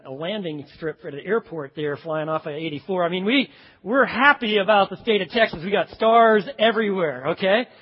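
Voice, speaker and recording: A man preaching a sermon as pastor, with a folksy, joking and animated delivery. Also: high voice, slightly rough. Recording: dull sound with long hall reverb.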